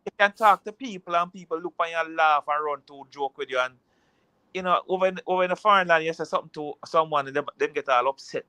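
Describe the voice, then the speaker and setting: Bright-toned man telling jokey stories. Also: a little high, fast, clean tone, no echo. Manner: jokey storyteller, patois-laced. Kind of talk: casual chat.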